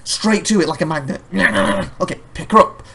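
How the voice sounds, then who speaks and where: A man's voice: sits high, moderate pace, creaky, a bit bright, breathy edge. Man, chatty let's-play host, rambles off on tangents, laughs a lot. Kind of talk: casual gameplay commentary.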